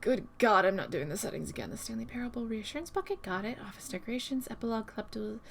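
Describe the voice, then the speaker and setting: A woman streamer giving low-key, deadpan commentary while playing a game, talking at a desk mic. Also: very fast, gravelly, slight background noise. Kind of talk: casual gameplay commentary.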